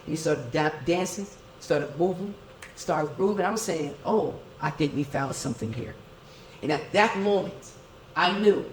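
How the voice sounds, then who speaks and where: A middle-aged man giving a motivational keynote in an event hall, energetic, calling for crowd responses and counting out dance moves. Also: fairly high pitch, normal speed, a little hiss or hum. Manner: energetic, leads crowd through dance counts, keeps asking "okay?". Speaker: keynote speaker. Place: event hall with tables and chairs. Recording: echoey hall, voice from a distance.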